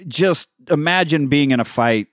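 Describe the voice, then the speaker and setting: A man's voice: fairly high pitch, animated, normal speed, a bit bright, dry recording, clean studio sound. A man casually recapping a film on a podcast, swearing freely and quoting characters as he goes. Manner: profanity-laced storytelling with quoted character voices.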